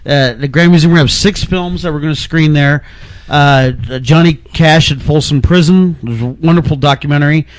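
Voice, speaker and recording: A man's voice: a little high, a little fast, hardly any pauses, no room sound. A man, a film festival programmer, talking as a guest in a casual podcast chat and rambling through restarts. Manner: rambling, restarts mid-sentence. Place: Los Angeles.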